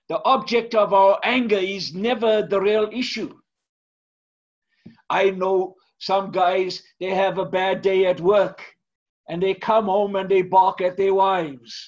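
Male pastor, sermon, rhetorical questions, high voice, dull lo-fi recording. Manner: rhetorical questions, storytelling delivery. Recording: dull lo-fi sound.

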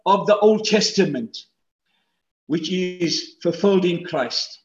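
A man preaching a sermon as pastor, swinging between loud emphatic peaks and hushed asides. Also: high voice, expressive, takes it slowly, reverberant, highs cut off.

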